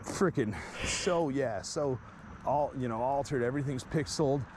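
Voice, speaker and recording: A man's voice: medium pitch, moderate pace. Rambling man telling a story, faint background noise. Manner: rambling, acts out what others said, laughs often. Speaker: guest storyteller. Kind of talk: casual chat.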